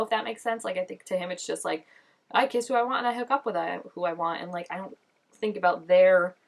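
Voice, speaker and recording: Chatty, gushing woman reacting to a show. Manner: gushing and chatty, full of "like" and "oh my gosh"; excitable, with sudden jumps up in pitch. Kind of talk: casual reaction commentary.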